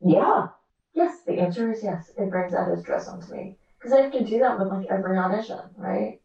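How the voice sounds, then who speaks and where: A woman, an actor and author, talking candidly as a podcast guest, animated and quick with asides, acting out quoted dialogue. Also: mid-range voice, vocal fry. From America. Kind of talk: candid interview conversation. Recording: echoey, distant, dull remote audio.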